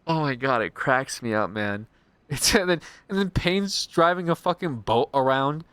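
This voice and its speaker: A man's voice: mid-range voice, lively intonation, moderate pace, a bit bright, clear, resonant tone, dry recording. A young man, a streamer, chatting casually in a rambling way, swearing freely. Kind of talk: casual chat.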